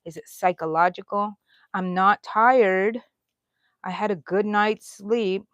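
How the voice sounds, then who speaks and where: Middle-aged woman, casual crochet livestream host, chatty and relaxed, dry close sound. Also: mid-range voice, measured pace, no echo, dull audio. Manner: chatty, reads out viewer comments, yawns often. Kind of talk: casual live chat while crocheting. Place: at home.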